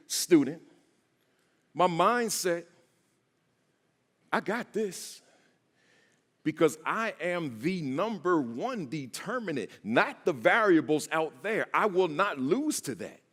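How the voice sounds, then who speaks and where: A man delivers a keynote in a bright, carrying voice, his pitch swinging widely. He speaks slowly and with preacher-like emphasis, leading the crowd in call-and-response. His words echo through a large church hall with long reverb. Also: sing-song. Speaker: keynote speaker, school principal. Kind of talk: motivational speech.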